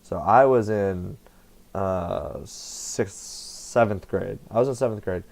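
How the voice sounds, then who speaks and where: A young man talks loosely to his camera, drifting between thoughts, swearing freely and catching his own slips. His voice sits low and crackles with vocal fry. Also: slow pace, a little mellow. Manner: meandering, profane, self-correcting. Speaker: vlogger. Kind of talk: casual rambling monologue. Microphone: computer headset setup.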